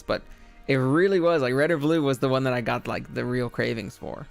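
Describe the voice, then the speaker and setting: A man's voice: mid-range voice, a little fast, creaky. A man streaming a video game, chatting casually in a rambling, goofy way, with plenty of fillers. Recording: faint game music behind.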